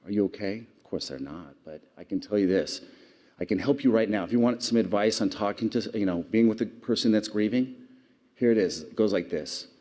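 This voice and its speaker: A man's voice: fairly low pitch, animated, fairly quick, a little mellow. A man giving an earnest public speech, telling stories and asking the audience questions. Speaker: award speaker.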